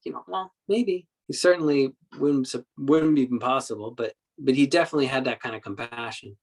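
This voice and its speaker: A man giving a Buddhist dharma talk as a meditation teacher, telling stories in a halting way with many repeated words and acting out quoted speech. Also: mid-range voice, low-quality recording. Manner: acts out quoted speech in the story.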